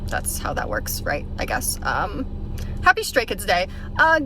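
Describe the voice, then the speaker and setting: Woman vlogger, high voice, chatty and frazzled, phone mic in a parked car. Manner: chatty, frazzled, laughs often. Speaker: concert vlogger. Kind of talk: casual vlog talk to camera. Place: parked car in a parking garage.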